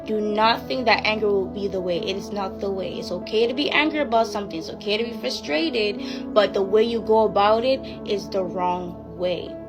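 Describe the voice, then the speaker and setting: A woman's voice: mid-range voice, normal speed. A young woman giving casual Christian advice to her viewers in an earnest, preachy way, with loose fillers. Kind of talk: casual faith talk to camera. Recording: music playing behind the voice.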